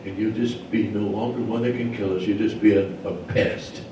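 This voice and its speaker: A man voicing villagers and hunters from a told legend, who holler out their invitations in raised, high calls. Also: fairly even intonation, moderate pace, noisy background, lightly acted. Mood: stern. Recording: very echoey church hall, mic far off.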